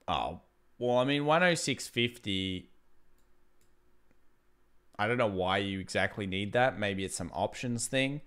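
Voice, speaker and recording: A man with a fairly low, smooth and resonant voice, hosting live market commentary. He talks casually and laughs easily, thinking out loud and restarting his sentences as he works through viewer questions. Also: expressive, unhurried, long pauses. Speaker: livestream host.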